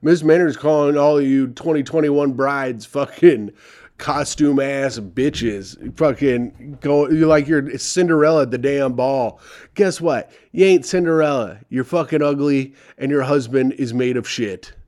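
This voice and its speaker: A man's voice: mid-range voice, a little slow, darkish tone. A young man reading advice letters aloud and ranting about them with sarcastic, profane commentary. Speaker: comedy podcast host reading advice columns.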